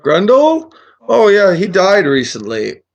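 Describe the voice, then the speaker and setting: A man voicing a loopy, overly friendly old male wizard in a high, doddering voice. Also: wildly swooping pitch, takes it slowly, vocal fry, lo-fi sound, heavily acted. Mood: loopy, delighted.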